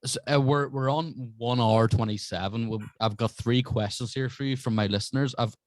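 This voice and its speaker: A man guesting on a podcast, joking crudely in quick bursts. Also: mid-range voice, fairly even intonation, no room sound. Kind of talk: casual podcast chat.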